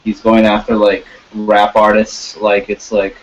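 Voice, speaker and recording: A man talking casually and rambling, with halting restarts and frequent swearing. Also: lowish voice, completely flat delivery. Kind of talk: casual chat. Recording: dull lo-fi sound.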